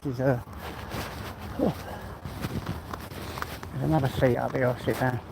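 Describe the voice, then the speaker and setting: A man's voice: mid-range voice, fairly even intonation, measured pace, gravelly, background noise. An English man rambling in a heartfelt way as he walks outdoors, a little out of breath. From England. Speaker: vlogger. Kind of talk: casual walk-and-talk monologue. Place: outdoors on a walk.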